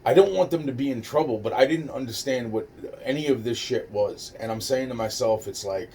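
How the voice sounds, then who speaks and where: A man's voice: mid-range voice, a little fast, dark tone. A man casually telling a personal story, rambling and profane, with many restarts and fillers. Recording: distant mic with faint noise.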